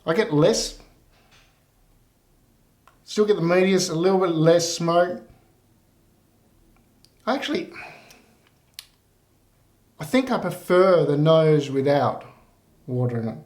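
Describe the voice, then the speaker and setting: A man giving a casual whisky tasting review in a relaxed, rambling way with many fillers. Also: fairly high pitch, takes it slowly, pauses often. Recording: roomy echo.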